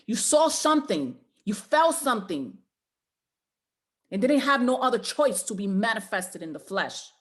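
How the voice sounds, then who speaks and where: A woman's voice: on the high side, very animated, unhurried, a bit bright. A woman giving a motivational talk to a group call, preacher-like and exhorting, with repeated rallying lines. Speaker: motivational trainer.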